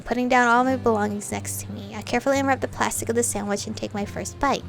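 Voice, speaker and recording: Young woman, playful game read-through, higher voice, soft music underneath. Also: quick pace, creaky, hardly any pauses. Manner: animated, playful reading with laughs. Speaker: game streamer. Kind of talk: reading a visual novel aloud.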